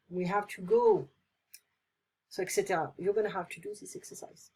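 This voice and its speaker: A woman explains everyday English expressions in a relaxed, chatty lesson. Her voice has a husky edge and sits at a middle pitch. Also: normal speed. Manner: chatty, explaining phrases with playful examples. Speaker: English teacher. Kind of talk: casual online lesson.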